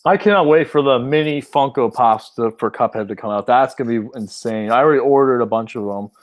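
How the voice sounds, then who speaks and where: A man's voice: mid-range voice, brisk. Laid back guy talking games, agrees a lot, mid voice. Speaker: co-host. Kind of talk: casual gaming chat.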